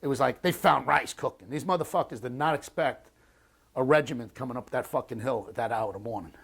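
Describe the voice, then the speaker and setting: An American man in his sixties tells his story in an oral history interview. His voice sits at an ordinary middle pitch. He speaks bluntly and swears, with halting starts and restarts. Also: creaky, a bit bright, slightly rough. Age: 60s. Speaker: war veteran interviewee.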